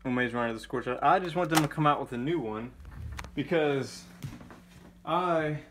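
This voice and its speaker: A young man chatting casually into a handheld camera mic, excitable and prone to repeating himself and laughing. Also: fairly high pitch, normal speed, slight background noise. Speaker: gaming vlogger.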